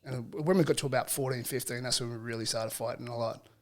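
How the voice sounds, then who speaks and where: A middle-aged Australian man, a podcast guest, telling relaxed stories in casual chat with broad slang. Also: mid-range voice, fast talker. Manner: laid-back storyteller, broad slang.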